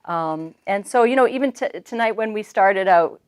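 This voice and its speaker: A woman co-hosting a marriage devotional, talking earnestly in a casual teaching chat, with halting restarts. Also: mid-range voice, animated, smooth.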